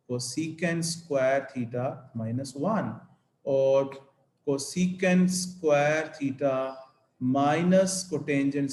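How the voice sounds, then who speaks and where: A man's voice: mid-range voice, a little mellow, echoey room. A man teaching a maths lesson, explaining step by step and checking in with "okay?" after each point. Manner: slow, deliberate explanation with frequent "okay?" checks.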